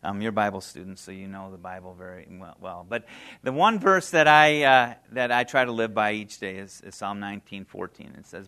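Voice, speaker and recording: A man in his fifties shares his personal testimony as a guest speaker, heartfelt and earnest, in plain conversational speech with fillers. He speaks at a moderate pace, animated, in a voice on the low side with a bright, forceful, clean tone.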